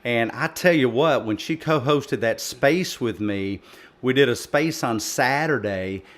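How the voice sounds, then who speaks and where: A man's voice: mid-range voice, a little slow, a bit bright. Earnest male panel host. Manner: earnest, encouraging, with frequent fillers. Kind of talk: hosting a live audio panel.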